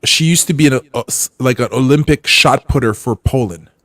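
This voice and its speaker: A man's voice: mid-range voice, fairly quick, fairly bright tone, no echo. A man in casual chat, telling stories in a loose, rambling way full of restarts and trailing asides.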